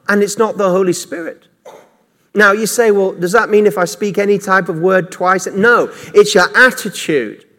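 Male pastor preaching emphatically; high voice, church hall with long reverb. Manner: emphatic preaching, repeats words, shifts loudness often. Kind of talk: sermon.

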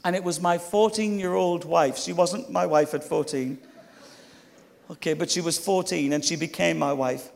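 A man's voice: fairly high pitch, normal speed, gravelly. A middle-aged man preaching a storytelling sermon, with chatty, humorous asides to the congregation. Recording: long hall reverb.

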